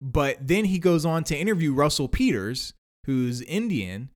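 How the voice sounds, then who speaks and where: A man co-hosting a podcast, speaking in a halting, frustrated way and repeating himself. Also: fairly high pitch, big pitch swings. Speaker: podcast co-host. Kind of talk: casual discussion.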